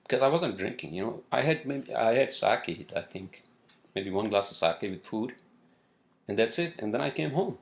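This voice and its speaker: A man with a low, gravelly voice vents to the camera in a loose, rambling monologue. He swears freely, trails off into fillers and repeats himself as his exasperation spills out. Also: animated, moderate pace. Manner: exasperated, swears often, many fillers and restarts. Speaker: vlogger. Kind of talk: casual ranting monologue. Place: city where he lives.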